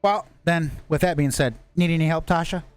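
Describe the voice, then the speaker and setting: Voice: medium pitch, steady tone, fairly quick, faint music behind. A game master narrating a tabletop role-playing game, rambling with frequent restarts and heavy swearing.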